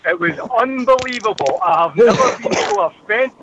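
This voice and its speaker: A man's voice: high-pitched, expressive, moderate pace, noisy background. A Scottish man calling in to a radio show, chatty and jokey, often tacking man onto his sentences. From Scotland. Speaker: caller. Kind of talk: casual phone-in chat.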